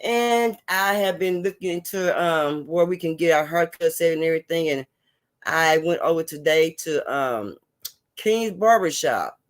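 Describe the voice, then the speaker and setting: A high-pitched man, chatting casually to viewers on a livestream. He is lively and repeats himself, laughs a lot and drops catchphrases into his talk, and the sound comes through a phone or webcam mic. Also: normal speed. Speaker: livestream host.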